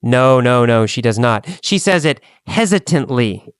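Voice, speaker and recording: A man teaching an English lesson, speaking slowly and deliberately and repeating phrases for learners to copy. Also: medium pitch, expressive, clear, resonant tone, no room sound. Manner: slow, deliberate, repetitive drilling.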